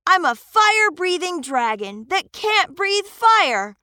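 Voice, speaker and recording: Shy stammering young dragon, woman voicing, slow delivery, bright tone, storybook audio. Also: very high voice, big pitch swings, no room sound, clean studio sound, exaggerated voice. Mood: unsure. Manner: hesitant, stammering. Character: timid young male dragon who can't breathe fire. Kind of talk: children's storybook voice acting.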